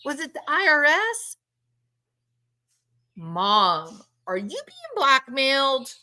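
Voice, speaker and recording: A woman's voice: sits high, huge pitch swings, slow, pushed and bright, full character voice. A woman mimicking a bewildered grown son who stammers incredulous questions at his mother.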